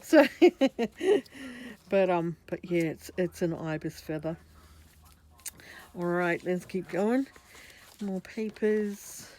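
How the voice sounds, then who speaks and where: Australian woman, lowish voice, easygoing rambling craft vlogger who corrects herself as she goes. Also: steady tone, slow pace, pauses often, darkish tone. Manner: chatty and meandering, with frequent self-corrections. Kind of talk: casual craft journal flip-through.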